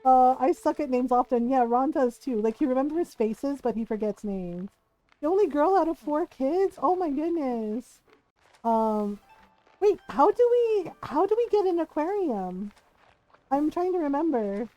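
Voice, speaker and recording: A woman's voice: high-pitched, big pitch swings, measured pace, dark tone, faint music behind. A middle-aged woman streaming a game, chatting casually in a rambling, self-deprecating way and laughing often.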